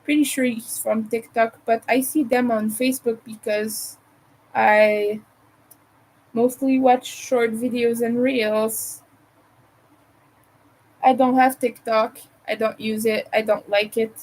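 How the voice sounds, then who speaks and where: Slow-talking Montreal woman crochet streamer. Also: fairly high pitch, fairly even intonation, a little mellow, rough recording. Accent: Montreal English. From Montreal, Canada. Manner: rambling, chatty, thinks aloud while crafting. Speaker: crochet livestream host. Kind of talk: casual livestream chat.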